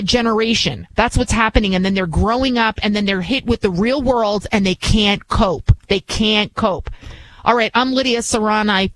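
A middle-aged woman hosting a talk radio show, giving opinionated commentary in an animated, mocking way. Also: on the high side, poor audio. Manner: animated, mocking, acts out quoted voices.

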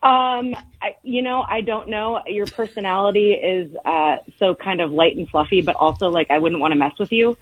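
A woman's voice: mid-range voice, moderate pace, few pauses, breathy edge, dull audio. A woman from Ohio calling into a morning radio show, hesitant and amused. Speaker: caller. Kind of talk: phone call into radio show.

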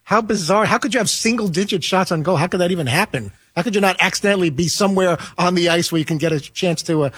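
A man on a sports radio crew, chatting casually in quick, rambling questions. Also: sits high, fairly bright tone, slightly rough, dry recording. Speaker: show regular. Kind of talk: casual studio banter.

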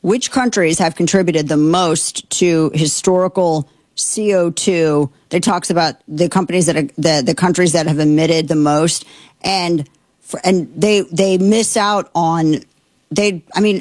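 A woman's voice: on the low side, a little slow, a little mellow, no room sound. A woman hosting political commentary, indignant and exasperated, talking with many fillers and restarts. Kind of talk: opinionated commentary.

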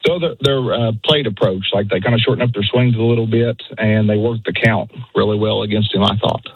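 A man calls in to a sports show in a low voice and pauses often. His phone line sounds dull and lo-fi, but dry. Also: steady tone, breathy edge, no echo. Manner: hesitant, many fillers. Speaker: caller. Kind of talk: call-in radio.

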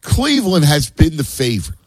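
A man's voice: on the high side, wildly swooping pitch, fairly quick, breathy edge, no room sound. A man hosting a sports talk show, speaking casually and emphatically.

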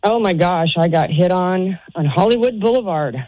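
A woman calling into a radio show, telling an animated story. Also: lowish voice, normal speed, no room sound, rough recording. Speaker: caller.

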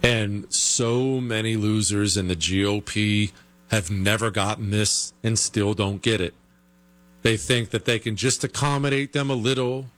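A man's voice: steady tone, unhurried, a bit bright. A man hosting a talk radio show, delivering an opinionated, sarcastic monologue. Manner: sarcastic, mocking with high put-on whiny voices.

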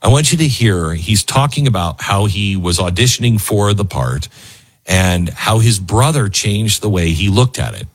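Hosting a talk show, a man speaks with a lowish, expressive voice at a moderate pace, recorded without echo. His casual on-air chat is loose and emotional, packed with fillers and restarts.

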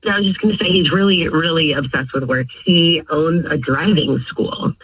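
Raspy woman on a phone line. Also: low voice, moderate pace, no room sound. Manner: giggly, chatty. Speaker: caller. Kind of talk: phone call to a radio show.

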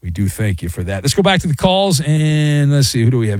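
A man's voice: medium pitch, big pitch swings, fairly quick, hardly any pauses, darkish tone, dry recording, clean studio sound. A man hosting a call-in sports radio show, bantering playfully with callers. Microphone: studio microphone.

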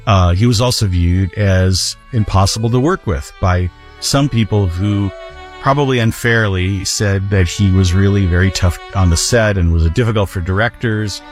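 Very low male voice, calm commentary, soft music underneath. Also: normal speed. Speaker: author interviewed about a film. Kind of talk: documentary commentary.

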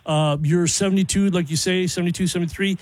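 A man hosting a radio talk show, interviewing a guest with quick, agreeable remarks. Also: high-pitched, steady tone, dry recording.

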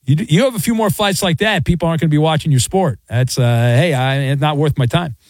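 A man's voice: a little high, quick pace, no echo. A man hosting a sports talk radio show, chatting casually and telling stories with strong opinions. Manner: opinionated, chatty, animated storytelling. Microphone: studio microphone.

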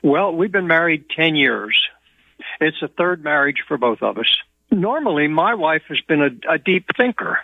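A man calling in to a radio show over the telephone, speaking haltingly with fillers. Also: fairly high pitch, animated, vocal fry, no room sound. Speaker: caller. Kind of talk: phone-in call. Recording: tinny phone line.

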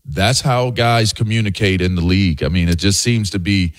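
A man co-hosting a sports radio show, speaking in a relaxed, halting way. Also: sits low. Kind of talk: casual sports talk.

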